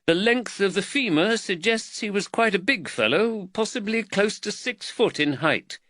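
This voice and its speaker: A man's voice: high-pitched, expressive, moderate pace, bright, forceful tone, no echo, pitched above the performer's own voice. A man voicing a nervous young male medical student explaining his findings earnestly.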